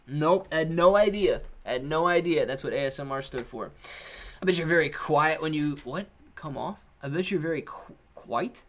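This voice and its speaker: A man's voice: a little high, a bit bright. A man hosting a live stream, chatting casually with viewers, reading out their comments and answering in a laid-back, slangy way. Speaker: livestream host.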